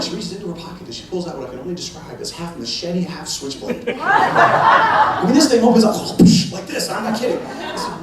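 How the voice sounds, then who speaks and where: A man in his thirties doing a stand-up comedy set, telling a story with lively energy and acting out voices. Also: sits high, brisk, a crowd in the background. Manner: animated storytelling, acts out voices and rising excitement. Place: large church hall with a live audience. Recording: echoey hall from far off, audience laughter.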